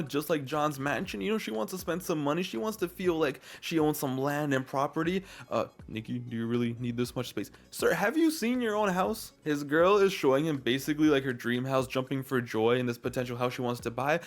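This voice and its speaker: A man's voice: on the high side, a little fast, hardly any pauses. A man doing a comedic, sarcastic commentary rant, full of exaggerated jokes. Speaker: commentary video creator.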